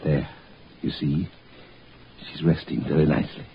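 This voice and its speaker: An actor playing a calm, rational doctor in a 1940s radio horror drama, measured and soothing. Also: male voice, a bass voice. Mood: reasoning. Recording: muffled 1940s radio broadcast with faint hiss.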